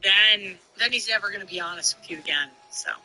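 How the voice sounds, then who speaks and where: A man's voice: high voice, fairly quick, over loud music. A man live-streaming, giving opinionated casual commentary while he plays a game. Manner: opinionated, talks while gaming.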